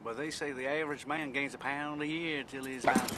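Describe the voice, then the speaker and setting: Man acting as a drawling ex-convict with a put-on Southern accent, taunting, middle-aged, traffic rumbling outdoors. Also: fairly even intonation, brisk, natural voice.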